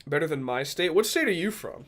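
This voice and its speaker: A man's voice: on the high side, animated, fairly quick, fairly bright tone. Rambling, joking man from Rhode Island. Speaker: streamer. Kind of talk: casual livestream chat with viewers.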